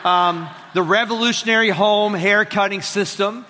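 A man in his forties with a Southern drawl, preaching a sermon as pastor in an energetic, conversational way with joking asides. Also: high voice, moderate pace. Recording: long reverb of a large hall.

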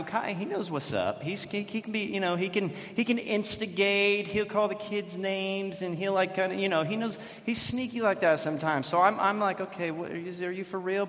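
A man's voice: high-pitched, a bit bright. A man preaching a sermon as pastor, telling a family story in a chatty way and often checking in with "right?". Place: church sanctuary. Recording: long reverb of a large hall.

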